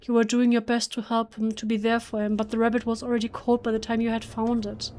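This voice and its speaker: A woman's voice: fairly high pitch, completely flat delivery, fast. A woman whose first language is German, reading a horror game's text aloud in English during a let's play, emotionally and with frequent restarts. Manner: emotional, hushed, with self-corrections.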